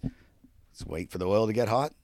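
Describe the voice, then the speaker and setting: A man co-hosting a casual podcast, telling stories in a lively, profane way and shouting out quoted lines. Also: fairly low pitch, normal speed, dry recording, clean studio sound. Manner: animated storyteller, swears a lot, acts out shouted quotes. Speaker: podcast co-host. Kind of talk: casual storytelling chat.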